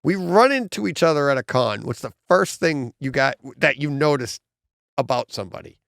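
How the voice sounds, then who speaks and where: A man's voice: on the high side, lively intonation, moderate pace, gravelly, fairly bright tone, no echo, clean studio sound. A middle-aged man with a Boston accent, hosting a podcast in rambling casual chat and laughing often. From Massachusetts. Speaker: podcast host.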